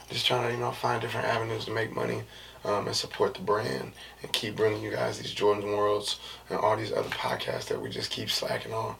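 A man hosting his own podcast, talking in a loose, slangy, rambling way with lots of fillers and a soft, low-key delivery. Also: vocal fry. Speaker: podcast host. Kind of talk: casual solo podcast chat. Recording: distant mic with faint background noise.

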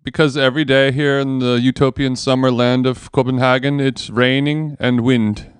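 Smooth-voiced man with dry sarcasm. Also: mid-range voice, flat delivery, moderate pace, no room sound. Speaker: podcast co-host. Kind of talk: casual chat.

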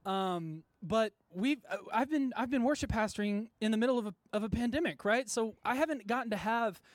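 A worship pastor from Texas gives a chatty, self-deprecating sermon to a church congregation, with many fillers and frequent laughs. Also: male voice, sits high, brisk, no echo. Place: church service before a congregation.

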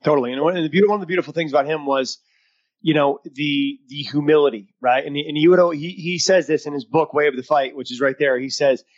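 A man hosting a live podcast in a casual, energetic chat. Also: fairly high pitch, fast talker, lo-fi sound. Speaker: podcast host.

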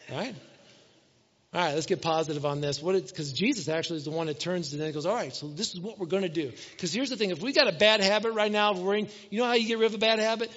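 A man's voice: sits high, fairly bright tone. A middle-aged man preaches a sermon in a casual, conversational way. He keeps asking the congregation questions and acts out little household scenes. The recording is dull and muffled. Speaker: pastor. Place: church hall. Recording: dull sound with long hall reverb.

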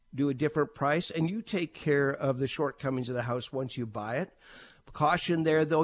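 A middle-aged man, a realtor, explaining the home-buying process in a plain, practical way. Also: mid-range voice. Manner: plain, practical, steady explaining with occasional fillers.

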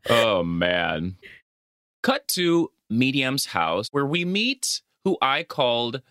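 A podcast co-host with a Dominican-American accent recaps a film in casual chat, mixing Spanish phrases into his English. His mid-range voice moves at a slow pace, his storytelling is animated, and the studio sound is clean with no room echo.

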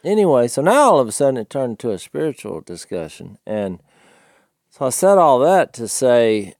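Animated Southern man telling a story. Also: mid-range voice, moderate pace, dry recording, clean studio sound. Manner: animated, acts out other people's lines with a raised voice, laughs often. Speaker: podcast co-host. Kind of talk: casual storytelling chat.

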